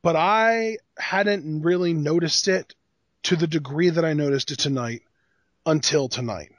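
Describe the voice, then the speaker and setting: A man's voice: on the high side, unhurried, no echo. A man co-hosting a casual wrestling review podcast, blunt and exasperated, quizzing his co-host with pointed questions.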